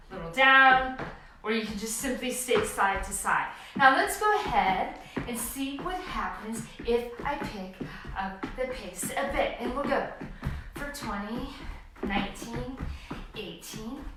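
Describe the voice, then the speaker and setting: A woman's voice: fairly high pitch, noisy background. Upbeat woman in her forties counting reps. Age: 40s. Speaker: fitness instructor. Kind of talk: home workout class instruction. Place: home room. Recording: echoey room, mic at a distance.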